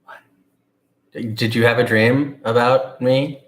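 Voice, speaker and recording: A man's voice: medium pitch, fairly even intonation, slow pace. A young man co-hosting a casual podcast, teasing with dry jokes. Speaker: podcast co-host. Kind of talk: casual chat.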